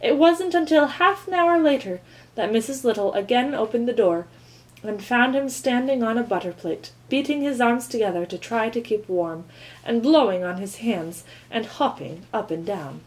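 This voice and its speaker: A woman reading a children's novel aloud with calm, expressive storytelling. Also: a little high, normal speed, rough recording. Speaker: reader.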